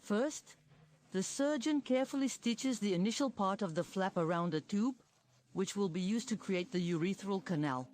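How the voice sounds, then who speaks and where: A woman's voice: medium pitch, moderate pace. A woman reading a scripted documentary voice-over that describes an operation step by step. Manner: steady, descriptive narration. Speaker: documentary narrator.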